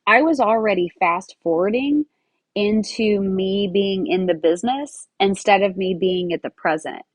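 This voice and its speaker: An American woman in her forties hosts a podcast, telling a personal story in a loose, chatty way. She drops in fillers and acts out quoted lines as she goes. Her voice sits at an ordinary middle pitch, recorded close and dry with no room sound. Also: no room sound. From United States. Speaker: podcast host. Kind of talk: casual storytelling monologue.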